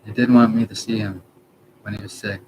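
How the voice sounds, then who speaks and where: A man in his thirties from Canada, talking in a halting, rambling personal monologue, trailing off and correcting himself. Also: fairly low pitch, little pitch movement, a little mellow, rough recording. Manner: halting, trails off, many restarts and self-corrections. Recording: background noise.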